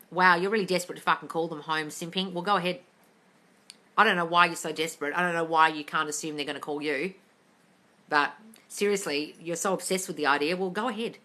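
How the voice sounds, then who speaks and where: A woman's voice: fairly low pitch, brisk, pushed and bright. A woman coaching listeners in a casual live-stream Q&A, blunt and sweary, calling everyone darling. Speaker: manifestation coach answering live questions. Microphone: phone.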